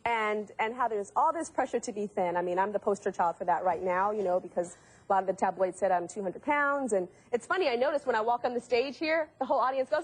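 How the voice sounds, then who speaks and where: A woman's voice: mid-range voice, quick pace, slightly rough. A woman hosting a talk show interview, playful and teasing.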